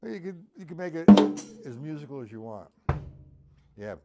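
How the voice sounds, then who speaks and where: A man's voice: on the high side, big pitch swings, moderate pace, loud music behind the voice. A man teaching a live-streamed drum lesson, counting beats aloud and checking in with his viewers. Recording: drum kit playing behind voice. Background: loud drum kit.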